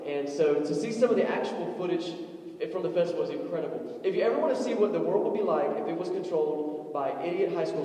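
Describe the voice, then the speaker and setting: A young man delivers a lively sermon, jumping into quoted voices and jokes as he tells stories. His voice sits high but sounds mellow and dark, and it booms around a large reverberant hall. He is picked up from a distance, so the sound is roomy and far off. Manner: animated storytelling with acted-out quotes and jokes. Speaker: pastor. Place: church sanctuary.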